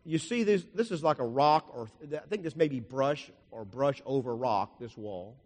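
A man's voice: mid-range voice, lively intonation, normal speed, darkish tone. Older man preaching in an echoing hall. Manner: folksy and rambling, with jokes and asides. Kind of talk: sermon with slide illustrations. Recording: long hall reverb.

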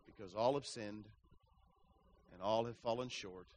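A man preaching an evangelistic sermon, impassioned, swinging from hushed lines to loud ones and stacking words in slow emphatic runs. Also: on the low side.

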